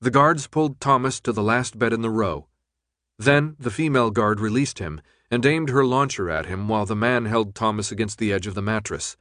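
A man narrating an audiobook in a steady, measured read. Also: fairly low pitch, no room sound, clean studio sound. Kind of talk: scripted narration.

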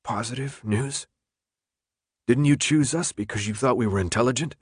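A man's voice: mid-range voice, moderate pace, breathy edge, no echo, close to an everyday voice. Guy doing a mouthy teen boy, sarcastic and defiant, dry close sound. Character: tense defiant teenage boy held captive.

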